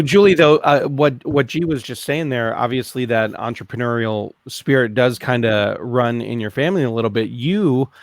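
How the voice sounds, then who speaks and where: A man's voice: medium pitch, no echo. A man hosting a casual interview, asking friendly and curious questions. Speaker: podcast host.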